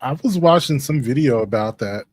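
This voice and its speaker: A man co-hosting a casual comedic chat show, relaxed and amused, swearing casually. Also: medium pitch, moderate pace, breathy edge. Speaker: co-host.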